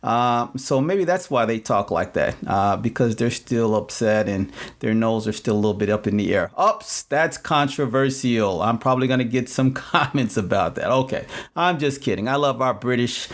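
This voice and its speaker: A man hosting a solo podcast, chatting casually with lots of fillers and repeating his questions. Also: mid-range voice. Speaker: podcast host. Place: home in Phoenix, Arizona.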